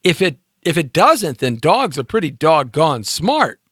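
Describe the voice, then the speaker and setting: A man's voice: on the high side, big pitch swings, measured pace, fairly bright tone, slightly rough, no echo, clean studio sound. A man hosting a live talk show, musing and joking in a rambling way, with many fillers. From United States. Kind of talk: rambling live-stream monologue.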